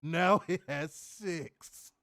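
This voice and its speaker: A man co-hosting a casual review podcast, loud and profane, laughing often and swooping high when amused. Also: drawn-out words, no room sound, studio quality. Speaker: podcast co-host.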